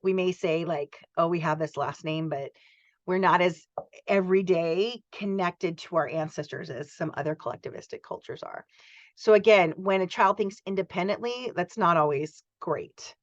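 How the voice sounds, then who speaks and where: A woman's voice: lowish voice, moderate pace, no room sound. A chatty woman in her forties teaches a college class and slips into little acted-out student voices. The recording is dry and slightly dull, with no room sound to speak of. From United States. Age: 40s. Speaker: college instructor. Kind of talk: recorded lecture.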